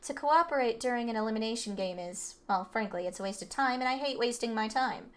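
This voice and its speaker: A woman's voice: a little high, fairly quick, close to an everyday voice. Brief: haughty cold rich-kid heir, read by a woman, condescending. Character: arrogant rich teen boy heir, cold. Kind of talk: reading game dialogue aloud.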